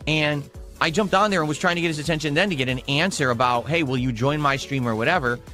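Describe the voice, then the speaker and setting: A man's voice: on the high side, fast talker, bright, forceful tone, soft background music. A man recounting a grievance on stream in an aggrieved tone, repeatedly checking in with "okay?".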